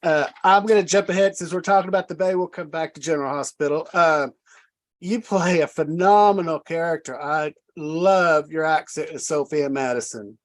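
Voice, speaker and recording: A woman from the American South with a Southern accent, hosting a casual interview, fast and friendly with easy laughs. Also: low voice. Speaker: host.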